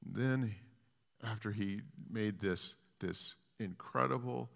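Low raspy guy preaching hard, voice goes quiet then big, lots of repeats, echoing in a big hall. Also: slow. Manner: impassioned, swings from hushed to loud emphatic peaks; repetitive, restarting phrases. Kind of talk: sermon.

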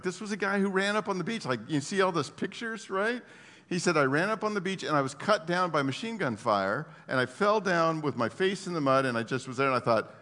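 A man preaching a sermon who swings his pitch and volume widely, questions his listeners and laughs at his own asides. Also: fairly bright tone. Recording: long hall reverb.

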